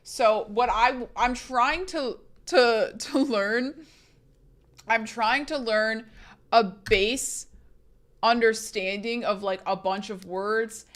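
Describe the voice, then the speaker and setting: A woman's voice: fairly high pitch, slow pace, fairly bright tone. Chatty young woman streamer. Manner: chatty, reads chat aloud, rambling restarts. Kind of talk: casual live-stream chat.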